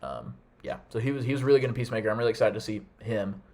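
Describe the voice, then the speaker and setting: A man's voice: fairly low pitch, racing, a little mellow. A young man hosting a casual podcast chat, eager and enthusiastic, calling on each guest in turn. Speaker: podcast host.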